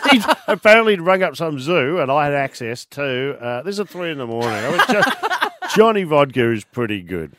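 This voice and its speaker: A man's voice: on the high side, very animated, fairly quick, a bit bright, dry recording, clean studio sound. A man, a podcast guest, telling stories and teasing the others in casual, pushy banter.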